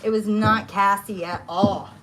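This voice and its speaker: A woman's voice: mid-range voice, steady tone, unhurried, heavy background noise. A woman talking on a phone livestream from her home kitchen, swearing often and ranting in a heated, agitated way. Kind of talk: casual livestream chat.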